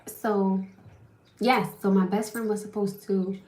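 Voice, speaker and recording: A woman's voice: mid-range voice, unhurried, roomy sound. A young woman, telling a story casually to her livestream viewers and venting. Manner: animated, venting, talks straight to viewers. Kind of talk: casual live-stream storytelling.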